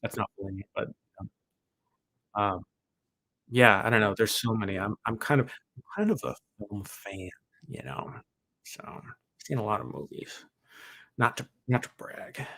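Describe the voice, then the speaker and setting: A man's voice: on the low side, expressive, moderate pace, creaky, long pauses, sharp tone. A man hosting a casual question-and-answer chat, rambling and joking with many hesitations. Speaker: channel host.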